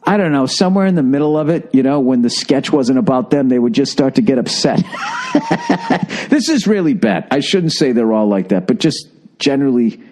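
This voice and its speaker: A man's voice: medium pitch, huge pitch swings, moderate pace, darkish tone. A man, a comedian, ranting on his own podcast with profane exasperation and frequent restarts. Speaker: stand-up comedian and podcast host. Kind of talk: solo podcast rant.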